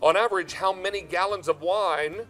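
A man's voice: normal speed, a bit bright, faint music behind. Upbeat male TV shopping host. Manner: upbeat, chatty, emphatic sales pitch. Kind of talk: live TV shopping presentation. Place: TV studio kitchen.

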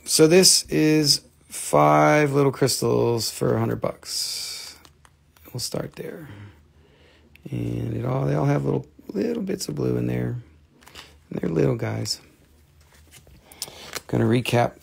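A man's voice: medium pitch, gravelly, breathy edge. A man hosting a live crystal sales stream, joking around and switching into playful broken-English banter.

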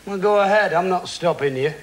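A man's voice: high-pitched, fairly quick. A man performing in a stage comedy double act, singing a ballad and then bickering as the straight man. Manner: crooning, then gruff straight-man retorts. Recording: roomy stage with band.

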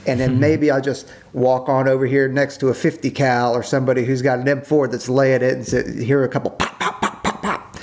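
A man co-hosting a casual podcast, talking about his work as an air controller and jumping up high when he quotes people. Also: a little fast, few pauses. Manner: animated, jumps up in pitch when quoting. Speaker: podcast co-host, former JTAC.

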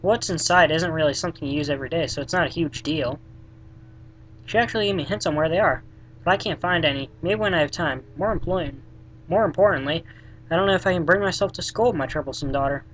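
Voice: mid-range voice, fast, a little hiss or hum, poor audio. Sarcastic, swearing game commentator. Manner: sarcastic, deadpan, swears often. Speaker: let's play gamer. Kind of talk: casual gameplay commentary.

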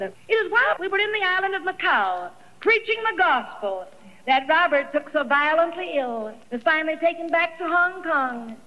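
A woman's voice: very high-pitched, animated, normal speed. Woman telling her life story with lots of feeling, long echo like a big hall. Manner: dramatic, quoting others in her own voice. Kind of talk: emotional personal testimony. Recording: dull old archival recording in a reverberant hall.

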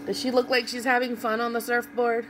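A woman's voice: on the high side, flat delivery, brisk, background noise. A woman reading a picture book aloud to children, stopping to ask young listeners about the pictures. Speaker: children's read-aloud host.

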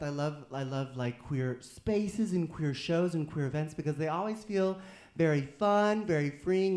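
A man doing a live stand-up comedy set, self-mocking and jokey, sometimes breaking into loud sung bits. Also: mid-range voice, roomy sound. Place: live venue with audience.

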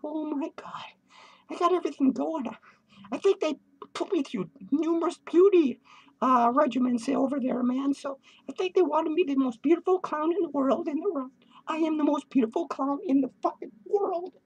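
A high, shrill, unhinged clown rambles through crude, swearing rants, giddy and tipsy in a home studio. The voice sits well above a typical speaking pitch and breaks into cackling laughs. It's a comedic character vlog, manic and drifting from thought to thought. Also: male voice, moderate pace, dull audio. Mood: manic ranting. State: tipsy and hyper.

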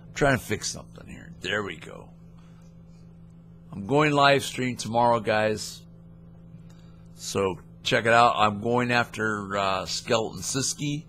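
A man's voice: lowish voice, measured pace, long pauses, a bit bright, a little hiss or hum. A man hosting a scam-baiting video, playing a mock-naive caller with a rambling, playful manner. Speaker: host of a scam-baiting channel. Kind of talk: prank phone call and casual vlog talk.

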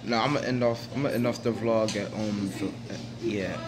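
A man's voice: lowish voice, fairly even intonation, fairly quick, background noise. A man vlogging casually from a car, talking into a handheld phone with playful, teasing banter. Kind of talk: casual vlog chat.

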